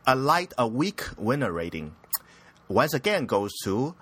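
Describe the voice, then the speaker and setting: A man's voice: medium pitch, sing-song, measured pace, pushed and bright, slightly rough. A young man hosting a casual anime news podcast, rambling and crude, often giggling at his own jokes. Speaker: podcast host.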